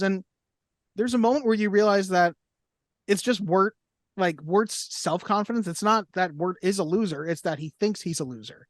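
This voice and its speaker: A podcast co-host in casual chat, animated and acting out scene quotes as asides. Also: medium pitch, normal speed, dry recording, studio quality.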